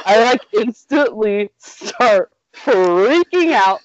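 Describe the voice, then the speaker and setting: A woman's voice: medium pitch, expressive, takes it slowly, few pauses, dry recording. Chatty woman in her thirties, giggly storyteller, lo-fi dry mic. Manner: chatty, laughs through her words, lots of "like". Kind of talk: casual storytelling chat. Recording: dull lo-fi dry recording.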